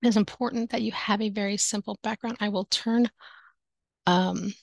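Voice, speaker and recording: A woman's voice: medium pitch, steady tone, normal speed, creaky, no echo. Chatty woman teacher, dry close mic. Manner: upbeat, chatty, laughs often. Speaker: online English teacher. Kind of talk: casual teaching tips video. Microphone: headset with headphones.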